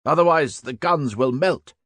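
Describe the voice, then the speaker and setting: A man voicing a hardened male veteran soldier who barks orders loudly in an audiobook. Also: medium pitch, lively intonation, moderate pace, no room sound, voice pushed up, close to an everyday voice. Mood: commanding.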